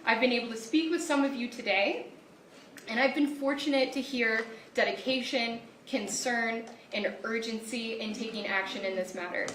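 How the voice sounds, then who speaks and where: A woman giving prepared testimony as an advocate at a hearing, firm and urgent with measured emphasis. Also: a little high, fairly bright tone, slight background noise. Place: large legislative hearing room. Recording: echoey room, far from the mic.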